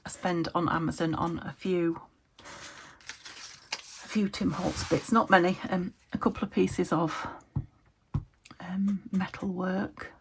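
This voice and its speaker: Low gravelly British woman chatting while crafting. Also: steady tone, slow, a little hiss or hum. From United Kingdom. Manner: chatty, self-talking, searching for words. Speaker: craft vlogger. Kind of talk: casual chat while crafting. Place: home craft room at a desk.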